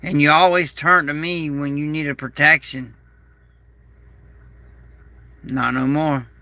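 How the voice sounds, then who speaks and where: Male prepper vlogger, gravelly and sharp-edged, slow and bitter, dry close sound. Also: fairly high pitch, no room sound. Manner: aggrieved, bitter, repeats himself. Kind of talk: rambling personal monologue.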